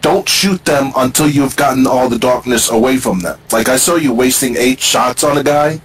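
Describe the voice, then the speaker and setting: A man's voice: mid-range voice, lively intonation, normal speed, soft background music, low-quality recording. Conversational man hosting a podcast. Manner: conversational, hesitant with fillers, opinionated. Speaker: podcast host. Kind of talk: casual gaming podcast chat. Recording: faint background noise.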